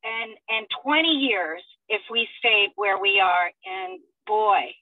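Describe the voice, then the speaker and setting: A woman's voice: mid-range voice, takes it slowly, dry recording. A woman in a coaching group sharing her experience earnestly and with emotion over a phone call. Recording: tinny dry phone line.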